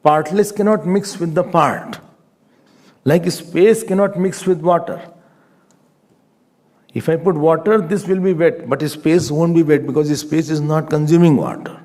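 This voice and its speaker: A man's voice: a little high, measured pace, a little mellow. A man giving a scripture class lecture as a Vedanta teacher, patiently repeating his points for emphasis.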